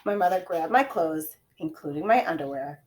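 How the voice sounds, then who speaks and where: A woman reading a children's chapter book aloud in a gentle storytelling manner, dropping to quiet whispers at times. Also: fairly low pitch, lively intonation, normal speed. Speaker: reader.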